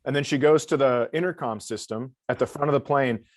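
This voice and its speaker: A man's voice: medium pitch, brisk, dry recording. A middle-aged male comedian telling a story dryly in casual chat and acting out the people in it. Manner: dry storyteller, acts out the other people in his stories. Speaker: comedian guest.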